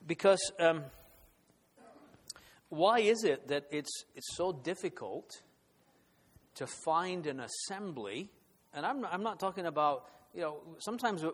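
Earnest man preaching in a reverberant hall. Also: fairly high pitch. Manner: earnest, repeats words when building emphasis. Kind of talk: sermon.

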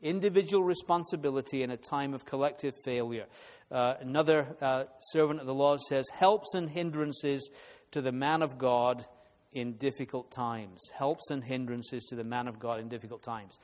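A man's voice: medium pitch, normal speed, a little mellow. A man preaching a sermon at a conference, emphatic and repeating his key phrases. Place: conference hall. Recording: long hall reverb.

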